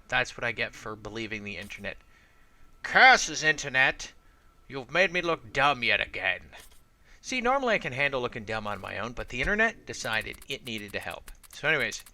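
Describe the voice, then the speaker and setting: Bright-voiced rambling gaming host. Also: male voice, mid-range voice. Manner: rambling, self-deprecating, digressive. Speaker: let's play host. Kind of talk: casual gameplay commentary.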